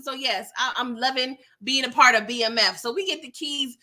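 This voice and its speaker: A woman's voice: high voice, fairly quick, few pauses, pushed and bright. A woman giving a chatty, exasperated recap of a TV episode, laughing at scenes and greeting her viewers by name. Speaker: TV episode reviewer. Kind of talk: casual recap commentary.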